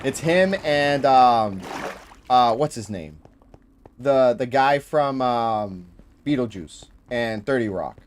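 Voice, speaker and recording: A man's voice: medium pitch, expressive, slow, slight background noise. A man with a Boston accent chatting casually on a gaming livestream, rambling and friendly as he searches for words. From Boston area, New England. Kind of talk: casual chat.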